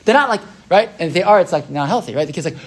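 A Torah teacher with a high-sitting voice leads a relaxed, chatty class, frequently checking in with a quick "right?" He takes on the voices of the people in the stories he retells.

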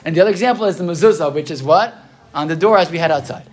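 A man preaches quickly, his voice sitting a little higher than most men's. He tells a long story in an earnest tone, repeating himself and checking in with the listeners as he goes. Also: darkish tone. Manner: earnest storytelling with repeated phrases and frequent "right?". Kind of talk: sermon.

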